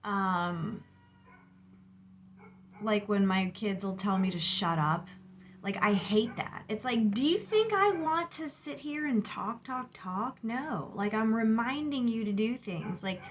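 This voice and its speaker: A woman's voice: mid-range voice, slow pace, a little hiss or hum. A woman in her thirties venting in a rambling, casual monologue about her kids, exasperated and filler-heavy. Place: outdoors near a lawnmower.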